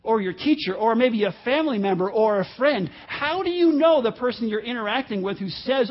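Guy preaching a sermon, pretty high voice, earnest, repeats stuff, muffled lo-fi audio. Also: expressive, fairly quick, few pauses. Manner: earnest, repeats phrases, acts out quoted voices. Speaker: pastor. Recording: dull lo-fi audio.

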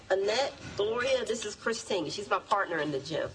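A woman's voice: medium pitch, lightly acted. An actress playing a blunt, tactless woman who runs a gym, heard in a distant film clip with crowd noise.

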